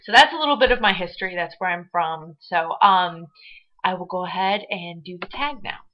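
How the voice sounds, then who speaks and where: A woman's voice: fairly low pitch, normal speed. A young woman from Michigan with a Midwestern American accent, chatting casually and bubbly in a vlog with frequent fillers. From Michigan, USA. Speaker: vlogger. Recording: dull lo-fi webcam audio.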